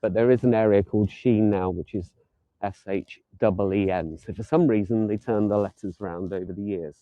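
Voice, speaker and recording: A man's voice: lowish voice, moderate pace, highs cut off. A man giving a live walking tour outdoors, chatting and joking lightly as he strolls the streets. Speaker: tour guide.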